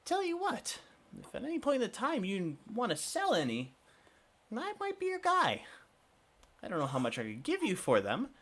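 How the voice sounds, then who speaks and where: A man puts on a little shopkeeper who is eager to make a deal, his voice jumping up high as he talks. He is chirpy and friendly. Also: normal speed, heavily acted. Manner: chirpy, eager, rising excitement. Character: small friendly male shopkeeper, eager salesman.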